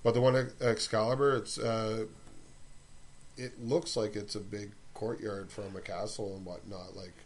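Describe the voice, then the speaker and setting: A man's voice: on the low side, little pitch movement, measured pace. A man chatting casually, rambling with lots of filler words. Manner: rambling, many "like" and "whatnot" fillers. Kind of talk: casual podcast chat.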